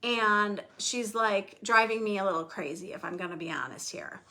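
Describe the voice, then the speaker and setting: Bright, candid woman podcast host. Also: mid-range voice, normal speed. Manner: emotional, candid, rambling. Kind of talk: casual podcast chat.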